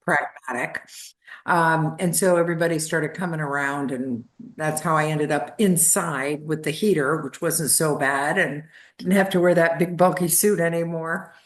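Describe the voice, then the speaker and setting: An older woman in her seventies, a guest on a podcast, recounts memories with lively storytelling energy. Her voice sits slightly low and she slips into little voices for the family members she quotes. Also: moderate pace. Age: 70s.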